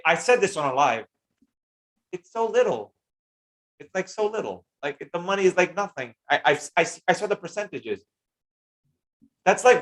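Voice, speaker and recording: A man teaching trading on a live stream, answering chat comments in an energetic, slangy way and greeting viewers by name. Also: a little high.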